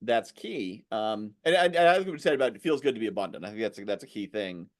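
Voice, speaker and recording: A male podcast host with a lively, swooping voice that rises and falls widely. He talks in a casual, animated way and slips into mocking impressions of salesmen. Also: fast talker. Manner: animated, mimics pitchmen in exaggerated voices. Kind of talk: casual interview chat.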